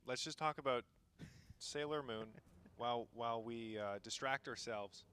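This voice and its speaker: A man's voice: medium pitch, unhurried, pushed and bright, smooth. A man from Canada co-hosting a raid stream, bantering in a jokey, teasing way. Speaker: stream co-caster. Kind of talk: casual commentary banter.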